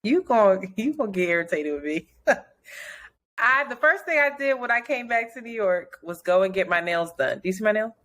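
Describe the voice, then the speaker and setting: A woman's voice: mid-range voice, animated, normal speed, fairly bright tone. A woman co-hosting a podcast in casual chat, laughing often and acting out voices when she tells a story. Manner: laughs often, acts out voices in her stories. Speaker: podcast co-host. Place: New York.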